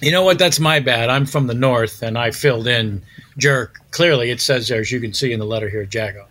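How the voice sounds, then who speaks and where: A man hosting an improv comedy podcast, deadpan and matter-of-fact. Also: medium pitch, brisk.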